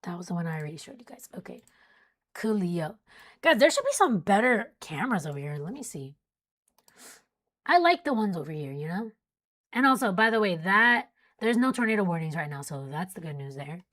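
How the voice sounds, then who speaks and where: A woman's voice: fairly low pitch, very animated, a little fast, a bit bright. Young woman, weather stream host, casual and chatty, yawning late at night. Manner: chatty, reads warnings then jokes with chat. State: sleepy, yawning. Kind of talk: casual live weather coverage.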